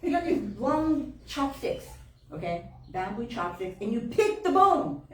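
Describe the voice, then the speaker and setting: A woman's voice: high-pitched, measured pace. Heartfelt woman minister sharing a testimony. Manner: heartfelt, laughs often, voice jumps up when excited. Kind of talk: personal testimony talk to a congregation. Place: church hall. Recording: roomy room, voice from far off.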